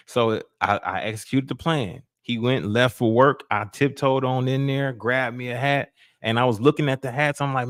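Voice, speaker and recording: A man, casually telling a personal story on a podcast in a lively, colloquial way. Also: medium pitch, normal speed, dry recording, clean studio sound. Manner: animated, colloquial, acts out voices in quotes. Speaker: podcast host.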